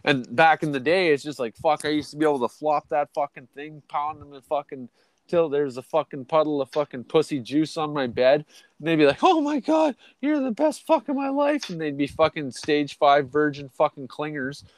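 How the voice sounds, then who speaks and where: A man's voice: on the high side, fairly even intonation, moderate pace, dry recording. A middle-aged man hosting a podcast, rambling through crude, profane stories in casual chat. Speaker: podcast host.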